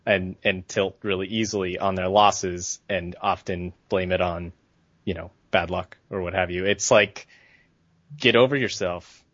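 A man's voice: sits low, fairly bright tone, no room sound. A man co-hosting a podcast, ranting in a heated, profane, casual way. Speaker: podcast co-host. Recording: dull, dry lo-fi sound.

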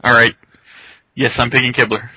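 A man's voice: medium pitch, little pitch movement, normal speed, bright, forceful tone, breathy edge, no echo. A man co-hosting a podcast, with teasing, cocky banter in casual chat. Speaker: podcast co-host. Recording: dull muffled call audio.

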